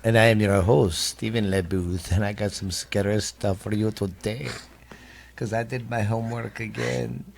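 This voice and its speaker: A man's voice: lowish voice, fairly even intonation, normal speed, vocal fry, a little hiss or hum. A middle-aged man with a Southern American accent hosting a podcast, telling ghost stories and stumbling over words as he reads. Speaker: podcast host. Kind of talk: casual storytelling.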